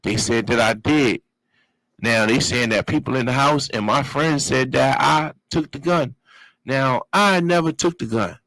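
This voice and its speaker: A little slow and mid-range in pitch, a Brooklyn guest casually narrates his life story with animated, profane street talk and vocal sound effects. The audio is poor, though without echo.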